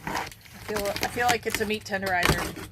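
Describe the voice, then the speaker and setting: A woman's voice: medium pitch, normal speed. A woman co-hosting an unboxing, chatty and teasing as she opens boxes. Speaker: co-host unboxing items. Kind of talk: casual unboxing chat. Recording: steady background noise.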